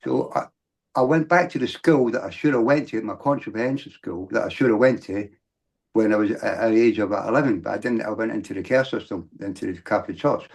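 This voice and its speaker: A middle-aged man with a gravelly, fry-heavy voice. He tells his story as a guest in loose, rambling sentences, restarting often and then rising into emphatic bursts. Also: fairly low pitch, brisk. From Britain. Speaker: podcast guest. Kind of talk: candid storytelling.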